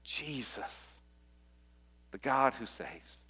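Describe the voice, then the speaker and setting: Earnest male pastor preaching softly. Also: mid-range voice, extremely slow, slightly rough. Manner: earnest, repeats words, drops to near-whispers at key points. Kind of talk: sermon.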